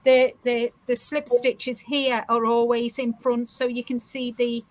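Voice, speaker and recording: A woman's voice: a little high, level tone, measured pace, low-quality recording. A woman hosting a casual craft livestream, explaining her work step by step with frequent restarts. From South Africa. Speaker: livestream host.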